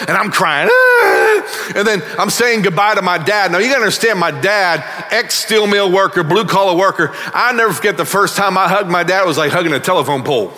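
A middle-aged male pastor preaching a sermon emphatically, swinging between loud bursts and quiet asides in a large church hall. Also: sits high, fast, few pauses.

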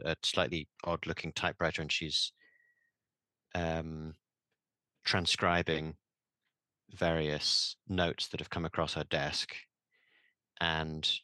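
A man playing in a tabletop game, describing his character in a halting way with fillers. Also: extremely low pitch, bright, forceful tone, dry recording. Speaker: player.

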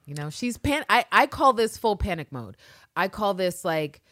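A woman co-hosting a casual podcast chat, animated and swearing freely as she acts out scenes. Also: mid-range voice, normal speed, no echo, studio quality. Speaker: podcast co-host.

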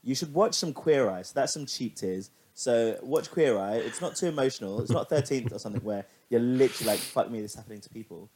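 A man in casual podcast chat, chatty and animated, swearing freely as he tells stories. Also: mid-range voice, fast talker, hardly any pauses, slight background noise. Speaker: podcast co-host.

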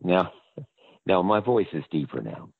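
Gravelly deep-voiced older man on a phone line. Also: very animated, measured pace, no room sound. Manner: rambling storyteller. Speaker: actor guest. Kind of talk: anecdotal interview talk. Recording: tinny phone-line audio.

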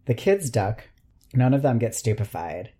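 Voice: medium pitch, sing-song, normal speed, dark tone, slightly rough. A podcast co-host with an American accent in casual chat, talking in a wry, frank and talkative way.

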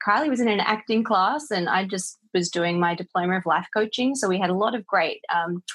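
A woman co-host chats casually, affirming her guest. Her voice has a slightly husky edge at a middle pitch. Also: a little fast, fairly bright tone. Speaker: co-host, life coach. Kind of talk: casual interview chat.

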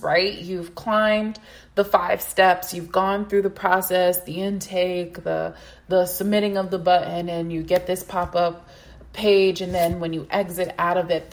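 Emphatic woman hosting a business podcast. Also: medium pitch. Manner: emphatic, repeats phrases, rhetorical questions. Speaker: podcast host, practice consultant. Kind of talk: solo podcast advice talk.

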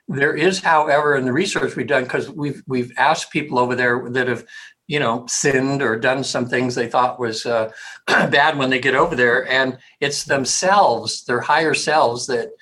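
A man, a hypnotherapist, speaking casually and rambling in an interview, with frequent throat clearing. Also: medium pitch, measured pace, pushed and bright, poor audio.

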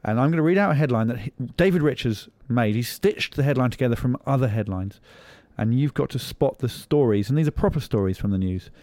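A man hosting a comedy podcast quiz, teasing his guests with quick jokey asides. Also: medium pitch, lively intonation, dark tone. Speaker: radio podcast host. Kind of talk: playful quiz-show banter.

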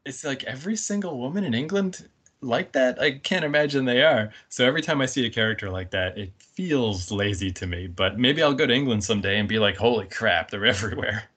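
A man's voice: medium pitch, lively intonation, brisk, a bit bright, husky. A man talking casually about a film on a podcast, rambling and laughing often. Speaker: podcast guest.

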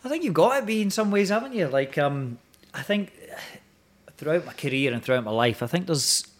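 A man's voice: a little high, animated, a little fast. A Scottish man in his forties, a guest actor talking casually, rambling with many restarts and hesitations. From Scotland. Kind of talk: casual chat.

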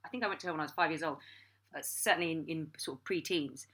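A woman guest in a casual chat, frank and emphatic, quick to argue her point. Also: low-pitched, a bit bright.

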